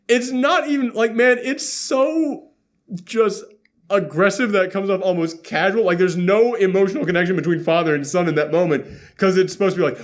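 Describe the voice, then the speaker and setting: A man hosting a casual movie reaction chat, sarcastic and laughing often as he acts out scenes in quick voices. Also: high voice. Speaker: podcast host.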